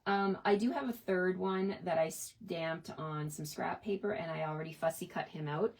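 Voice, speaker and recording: A woman's voice: on the low side, moderate pace, a little mellow. A middle-aged woman in a casual, chatty craft tutorial, talking through her stamping steps at a desk and often asking "right?". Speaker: card-making demonstrator.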